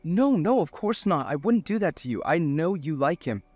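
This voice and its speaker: A man voicing an earnest young male college student who talks fast and pleading in an audiobook story. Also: fairly high pitch, lively intonation, no room sound, soft background music, pitched above the performer's own voice, lightly acted. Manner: pleading, rushed and breathless. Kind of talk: audiobook dialogue voice.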